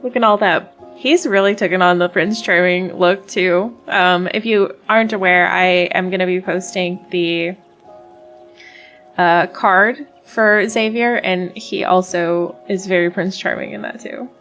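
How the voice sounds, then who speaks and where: A woman's voice: lowish voice, steady tone, measured pace, a bit bright, soft background music. A woman hosting a game playthrough, reading the story text aloud and gushing about the characters, often stumbling and restarting words. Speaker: let's play host.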